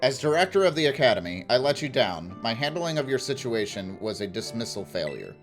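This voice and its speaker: A man's voice: medium pitch, sing-song, brisk, faint music behind. A man voicing a formal, old-fashioned male school director while reading game dialogue aloud.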